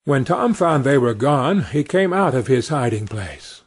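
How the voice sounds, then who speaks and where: A man reading a fairy tale aloud for English learners, very slowly and with plenty of expression. His voice is slightly husky and fairly high, and his pitch rises and falls a lot. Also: very animated. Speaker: storyteller. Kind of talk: storybook narration for English learners.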